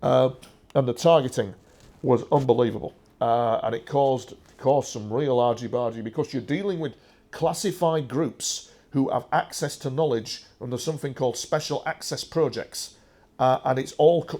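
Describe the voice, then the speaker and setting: A man's voice: medium pitch, normal speed, a little mellow. Rambling man giving a talk. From England. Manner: emphatic and digressive, with frequent uh and restarts. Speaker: speaker presenting a talk with slides. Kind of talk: rambling first-person talk.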